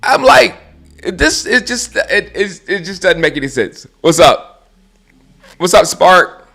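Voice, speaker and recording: This casual sports rant comes from a man hosting his live stream, mocking football while laughing and frequently starting his sentences over. He speaks slowly in a high, animated voice that is creaky, bright and forceful.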